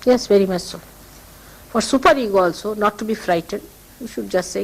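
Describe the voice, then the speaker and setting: A woman's voice: medium pitch, a little fast, gravelly, a little hiss or hum, low-quality recording. An older woman with an Indian accent giving a spiritual talk to followers, emphatic and repeating key phrases for stress. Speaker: spiritual teacher.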